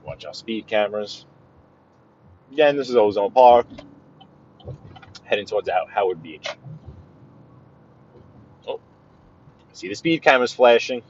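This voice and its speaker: Driving through the city, a man offers chatty, rambling live-stream commentary as a vlogger giving a tour, restarting often and slipping in playful asides. His voice is fairly low and measured, with long pauses. The audio has the highs cut off and carries a little hiss or hum.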